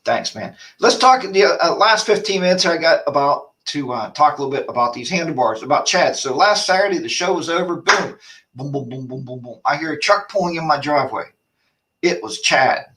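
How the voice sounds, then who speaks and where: A man's voice: fairly high pitch, expressive, brisk, pushed and bright, far from the mic. A man hosting a casual live-stream chat, rambling and ranting while reading viewer comments aloud. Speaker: host of a motorcycle chat show.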